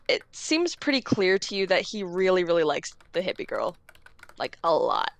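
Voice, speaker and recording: A woman's voice: on the low side, very animated, normal speed. Rambling woman running a tabletop game. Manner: rambling, filler-heavy. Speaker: game master.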